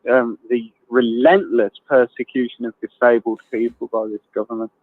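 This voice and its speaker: This is a man calling in to a live show, talking bluntly and laughing often. His voice is of middling pitch and comes through a tinny phone line with a dry sound. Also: level tone, normal speed, no echo. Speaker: caller. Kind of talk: casual chat on a phone line.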